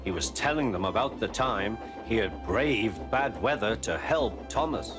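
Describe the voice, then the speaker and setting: A man narrating a children's storybook tale in a gentle, lively manner. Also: fairly low pitch, a little slow, hardly any pauses. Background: background music.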